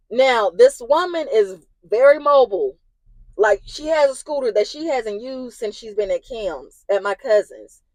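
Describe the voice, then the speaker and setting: A young woman venting about a family fight, her fairly high voice climbing into near-yelling as she replays the argument. The sound is dry and close, with no room around it. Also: no room sound, poor audio. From Indiana. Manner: agitated, rising to yelling in retold arguments. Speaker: vlogger. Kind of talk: emotional storytime.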